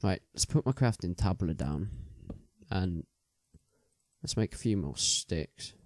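A young man hosting a gaming video chats casually while he plays, rambling with lots of ums and restarts. His voice is low-pitched and animated, and he speaks slowly.

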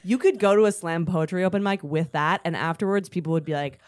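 A woman's voice: on the low side, quick pace, a loud crowd. A woman co-hosting a comedy podcast, chiming in with short agreements and dry quips. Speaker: podcast co-host. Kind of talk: casual podcast banter.

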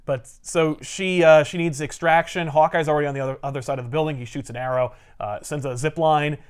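A man's voice: on the high side, a little fast, clean tone. Casual male comic podcast host. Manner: animated storyteller who acts out characters' lines. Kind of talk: casual chat.

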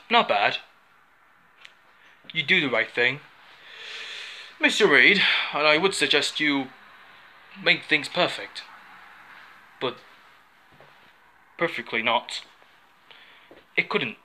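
A man playing a stern police officer who questions a suspect slowly and insistently, repeating his questions. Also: mid-range voice, sharp tone, exaggerated voice.

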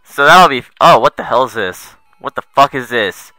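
A young man doing let's play commentary, excitable and foul-mouthed, muttering asides and then yelping at the game. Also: medium pitch, normal speed, no room sound, faint music behind, rough recording. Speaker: gamer.

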